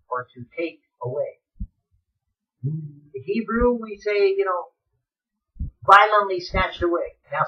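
A man preaching a fiery sermon on the radio, swinging from shouted pleas to hushed, dramatic asides. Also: sits high, distant mic, lo-fi sound.

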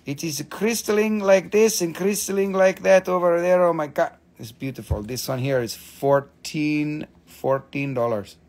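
A man hosting a live-stream mineral sale, gushing excitedly over each stone, swearing freely and calling out prices. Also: a little high, measured pace. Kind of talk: live-stream sales chat.

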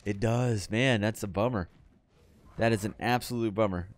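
A young adult man casually commenting on his video game as he plays, chatty and breaking into excited yells when things go wrong. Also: lowish voice, moderate pace, faint music behind. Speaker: gaming channel host.

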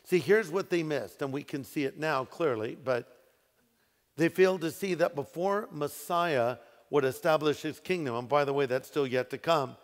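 Man preaching in a reverberant hall. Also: on the high side. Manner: preaching with emphatic rises and slowed, stressed phrases. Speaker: pastor. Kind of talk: sermon. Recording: echoey hall with long reverb.

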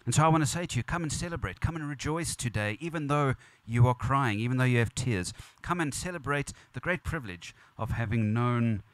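A man's voice: mid-range voice, lively intonation, brisk, few pauses, no echo. Earnest man preaching at a funeral. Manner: earnest, repetitive preaching with rising emphasis. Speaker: pastor. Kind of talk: funeral sermon. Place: church or funeral venue.

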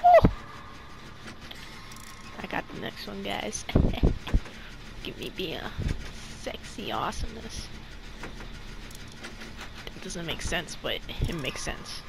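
A young woman giving casual gameplay commentary to her viewers, excitable and easily frustrated. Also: lowish voice, slow pace, vocal fry, long pauses, heavy background noise. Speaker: gaming channel creator.

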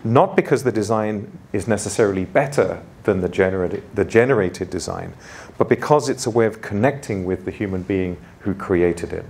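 A man opens a conference as keynote speaker. His voice sits somewhat low, and his delivery is informal and self-deprecating. Fillers come often as he talks. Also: moderate pace, darkish tone. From London.

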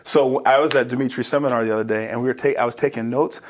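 A man's voice: medium pitch, quick pace. A man from New Jersey, a roofing business owner, telling stories in an interview and acting out dialogue with laughter. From New Jersey, USA. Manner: laughs often, acts out dialogue in lively voices. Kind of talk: animated interview storytelling.

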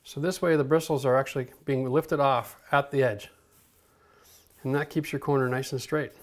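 A middle-aged man teaching a hands-on painting lesson in an energetic, coaching way, checking in often with "okay?". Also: mid-range voice, moderate pace. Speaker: home renovation instructor.

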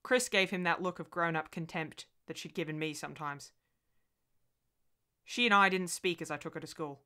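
A woman reading a ghost story aloud in an expressive way and voicing the dialogue herself. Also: on the low side, moderate pace.

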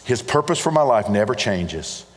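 A man's voice: on the low side, big pitch swings, moderate pace. A middle-aged man preaching a sermon, earnest and repetitive, speaking directly to his congregation. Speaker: pastor. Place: church sanctuary. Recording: church hall reverb.

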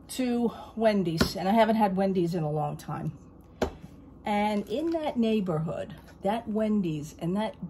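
A woman talking at home in a casual haul vlog, a rambling storyteller who keeps saying "I says" and turns loud and indignant over a grievance. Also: mid-range voice, slight background noise. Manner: gets loud and indignant when telling a grievance. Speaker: vlogger.

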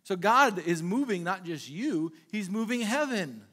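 Pastor guy preaching, kinda high voice, chatty, keeps asking "can i tell you" style questions. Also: big pitch swings, a little slow, fairly bright tone. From Minnesota. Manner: conversational preaching, frequent rhetorical questions and acted-out quotes. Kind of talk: sermon.

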